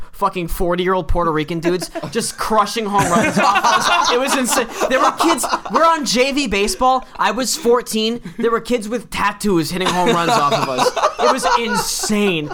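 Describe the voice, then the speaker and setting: A man's voice: high-pitched, very animated, moderate pace, heavy background noise. A young man, a podcast co-host, chatting casually, swearing freely and laughing. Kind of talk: casual chat.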